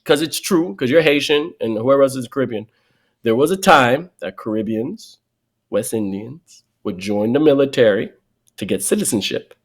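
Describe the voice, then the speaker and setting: Animated New man telling stories. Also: medium pitch, moderate pace. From New York. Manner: lively, acts out quoted people. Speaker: guest comedian. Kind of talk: animated podcast storytelling.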